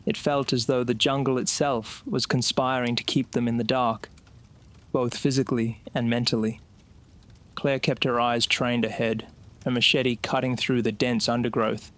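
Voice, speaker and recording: A man narrating a scripted horror story in a slow, suspenseful way. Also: medium pitch, flat delivery, a bit bright.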